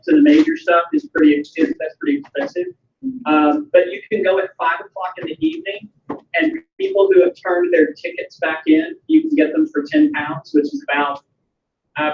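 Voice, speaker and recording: A Southern-accented man talks history with a class over a video call, eager and rambling, restarting his sentences as he goes. His voice sits high and swoops widely, with a gravelly edge. The sound comes from far off in an echoing room, dull and lightly noisy. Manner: chatty and enthusiastic, with frequent ums and restarts. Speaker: historian answering students' questions. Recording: echoey, distant, muffled video call audio with light noise.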